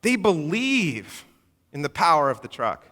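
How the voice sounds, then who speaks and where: A man's voice: a little high, big pitch swings, a little slow, bright, forceful tone. A man preaching a sermon as pastor in a church, conversational and humorous, acting out little everyday exchanges. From moved to Texas from elsewhere. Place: church sanctuary. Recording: long church hall reverb.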